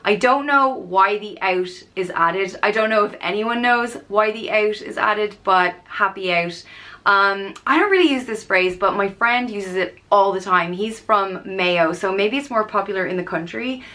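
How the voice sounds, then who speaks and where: Bright-voiced Irish woman explaining slang. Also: medium pitch, moderate pace. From Ireland. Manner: chatty, with many "um"s and playful acted-out example phrases. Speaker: vlogger. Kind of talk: casual explanatory vlog.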